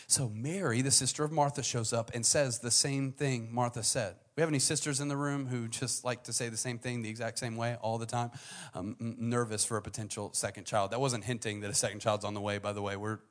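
A young adult man preaches a sermon conversationally, acting out the people in the story. He swings between quiet, low asides and loud, high-pitched bursts.

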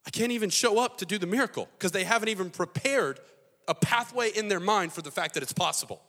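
Preacher putting on an impatient, emphatic man, bright-toned, in a reverberant hall. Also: mid-range voice, brisk, natural voice. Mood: exasperated. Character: exasperated man pressing his point.

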